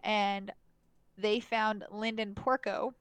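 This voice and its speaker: A woman's voice: medium pitch, flat delivery, slow, fairly bright tone, no echo. A young adult woman in casual podcast chat, recapping a film with many fillers, restarts and frequent laughs. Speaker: podcast co-host. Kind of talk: casual chat reviewing a movie.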